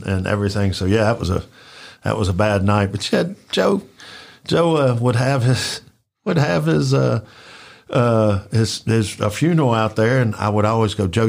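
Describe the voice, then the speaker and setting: A man's voice: fairly low pitch, gravelly. Rambling man telling stories. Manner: rambling, animated, acts out quotes with filler words. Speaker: storyteller recalling work at a club. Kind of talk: casual storytelling chat.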